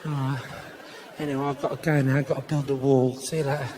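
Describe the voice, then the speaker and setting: Low, gruff, matey Cockney tough guy, put on by a male comic, friendly questions with a threat underneath. The voice drops far below his normal pitch. A crowd and room noise come through the theatre. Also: little pitch movement, fast, natural voice. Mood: menacing chummy. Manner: chummy questions that turn threatening. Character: friendly but menacing Cockney man.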